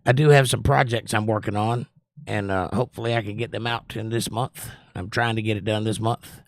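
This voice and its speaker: A hoarse man from North Carolina hosting a casual livestream chat, joking and rambling with viewers. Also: lowish voice, fairly even intonation, fairly quick, dry recording, studio quality. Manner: joking, rambling, does silly voices. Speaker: livestream host.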